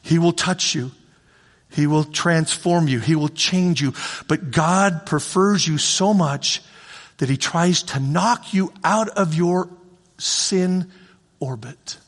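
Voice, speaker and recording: A man preaching a sermon, acting out God's voice and swinging between shouts and hushed pleading. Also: fairly high pitch, slow, long reverb tail. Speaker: pastor.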